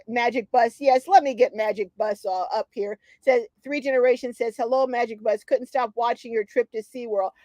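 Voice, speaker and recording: Woman, middle-aged, livestream host, casual chat, animated storytelling, fairly high voice, dry close sound. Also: dry recording. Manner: animated storyteller, acts out quotes, laughs often.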